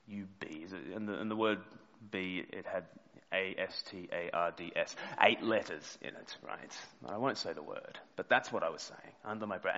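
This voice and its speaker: Male preacher, animated storyteller, hushed at solemn moments, dull reverberant church sound. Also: mid-range voice. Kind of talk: sermon.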